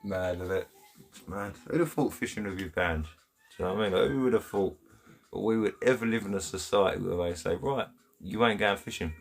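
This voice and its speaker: A man with an English accent talks straight to his live stream viewers from home. His voice sits a bit low, and he is blunt and chatty, full of slang, with frequent laughs. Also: brisk, vocal fry. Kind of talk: casual live stream chat, reading comments. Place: home, indoors.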